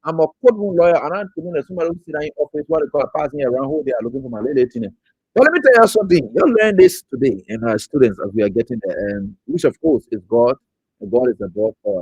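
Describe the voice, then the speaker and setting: A man's voice: on the high side, darkish tone, slightly rough, no echo, muffled recording. A man from Liberia hosting an online talk show, greeting viewers by name and mocking his critics. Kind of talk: casual political commentary.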